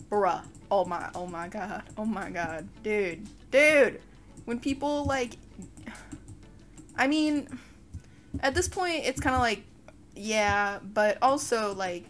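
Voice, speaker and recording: A young woman giving casual commentary over a game, frustrated and swearing, with sudden shouted outbursts. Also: medium pitch. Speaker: gaming YouTuber. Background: faint background music.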